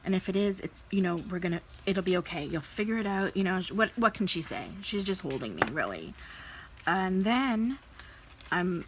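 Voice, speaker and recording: A woman's voice: fairly low pitch, normal speed, slight background noise, low-quality recording. Woman candidly telling a personal story. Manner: candid, animated retelling with quoted dialogue. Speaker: vlogger. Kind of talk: casual storytelling while crafting.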